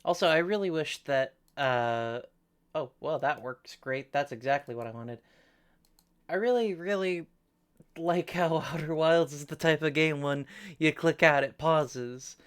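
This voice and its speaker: A woman's voice: low voice, measured pace, clear, resonant tone. A young woman streaming a game, chatting casually in a playful, jokingly whiny way. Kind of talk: casual live-stream chat.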